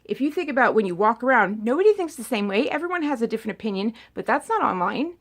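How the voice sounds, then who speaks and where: A young adult woman vlogger talking politics in a rambling, animated monologue that often repeats words. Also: a little high, fast talker. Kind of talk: casual opinion monologue.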